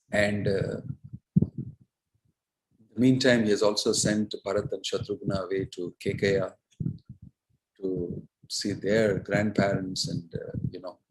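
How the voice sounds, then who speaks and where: A male spiritual teacher tells a sacred epic in an unhurried sermon, pausing often between phrases. His voice sits fairly low. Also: little pitch movement, breathy edge, rough recording. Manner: slow, unhurried storytelling with pauses. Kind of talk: sermon storytelling.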